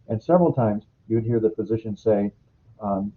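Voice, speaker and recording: A man from the United States giving a recorded healthcare training lecture, explaining calmly and drawing on stories from past clinical work. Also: lowish voice, a little fast, slight background noise. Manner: explanatory, uses clinical anecdotes. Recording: phone-like lo-fi recording.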